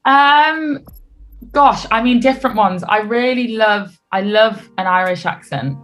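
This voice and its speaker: A young British woman, a singer being interviewed on radio, talking in a relaxed, chatty way and laughing easily. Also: fairly high pitch, measured pace. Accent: British English. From United Kingdom. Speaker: singer guest. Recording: faint music behind.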